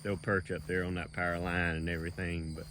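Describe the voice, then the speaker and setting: Walking through his rural dove field with a handheld camera, a middle-aged man who manages the land rambles in a folksy way, using many fillers and sounding slightly winded. His voice is low with little pitch movement, and he talks fairly quickly over a noisy background.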